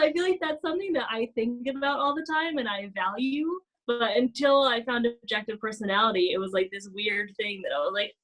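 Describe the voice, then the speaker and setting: Bubbly woman with a higher voice. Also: brisk, few pauses, rough recording. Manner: animated, acts out gasping apologies; frequent "like" fillers. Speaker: podcast co-host. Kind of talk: casual chat.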